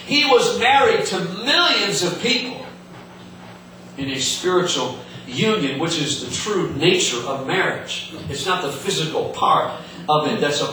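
A high, sharp-toned male voice preaches a sermon with earnest feeling, echoing in a hall from some distance over slight background noise. His delivery keeps repeating words and starting over.

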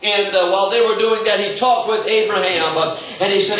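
A male pastor preaching a sermon, halting and repeating words as he searches for the next thought. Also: high-pitched, fairly bright tone. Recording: echoey room, far from the mic, faint noise.

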